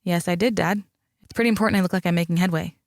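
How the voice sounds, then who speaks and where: A man voicing a sharp, wry young woman coroner in an audiobook, with dry, teasing banter. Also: sits high, fairly even intonation, racing, creaky, no echo.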